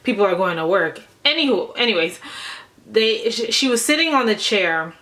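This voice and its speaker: Woman vlogger, young adult, casual storytelling to camera, animated, rambling, middle pitch. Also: normal speed. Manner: animated, conversational, rambling with restarts.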